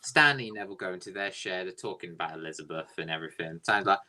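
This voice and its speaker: A man's voice: low voice, rapid-fire, bright, forceful tone. Jokey man telling a story. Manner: rambling, jokey, swears freely. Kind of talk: casual improvised storytelling.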